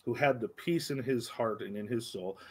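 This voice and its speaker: Man, husky tone, leads a church Bible study with earnest emphasis. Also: medium pitch, darkish tone. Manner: earnest, emphatic, slows down on key phrases. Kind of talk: adult Bible class teaching. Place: church classroom. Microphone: livestream microphone.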